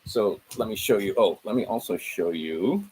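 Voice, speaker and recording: A man with a fairly low voice talks viewers through paperwork on his screen in a loose, unscripted way. He rambles and corrects himself as he goes, reeling off section numbers and legal citations. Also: moderate pace, darkish tone, a little hiss or hum, poor audio. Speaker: video host. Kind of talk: casual screen-share walkthrough.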